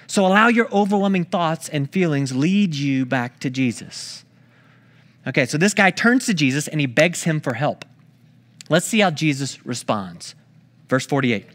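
A man's voice: on the high side, a bit bright. A man preaching a sermon, talking through a scripture story in a conversational way, with storytelling asides to the congregation. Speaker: pastor.

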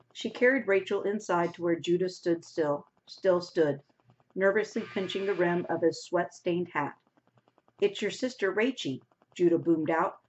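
A woman teacher reads a novel aloud to her class and breaks off now and then to explain words casually. Her voice is a bit low and comes through a dull, muffled lo-fi recording.

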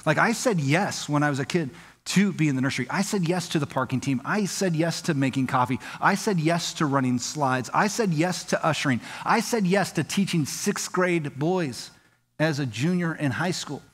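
A man from Southern California preaching a sermon as pastor, telling his story with lively acted-out quotes. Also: moderate pace, breathy edge, in a large hall. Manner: animated storytelling, acts out quoted dialogue with rising pitch. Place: church sanctuary.

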